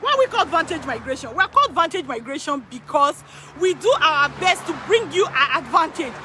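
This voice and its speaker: Woman with a super high bright voice, pumped up, keeps repeating herself to hammer it home. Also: brisk, slight background noise. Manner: emphatic, repeats phrases for effect; excitable, laughs often. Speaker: immigration consultant. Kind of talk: excited direct-to-camera talk. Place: in Canada.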